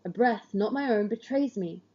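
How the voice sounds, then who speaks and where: A woman reading a literary story aloud in the first person, measured and grave, on a dull lo-fi recording. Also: medium pitch, mellow. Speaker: audiobook reader.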